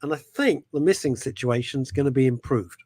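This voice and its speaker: Joking and quick to laugh, this male talk show host keeps the radio banter casual and animated, frequently letting sentences trail off before restarting. His mid-range voice has a breathy edge, with no echo.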